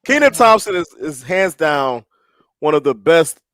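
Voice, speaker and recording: Animated, profane man from Chicago. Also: a little high, a little slow, slight background noise. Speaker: podcast co-host. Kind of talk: casual chat.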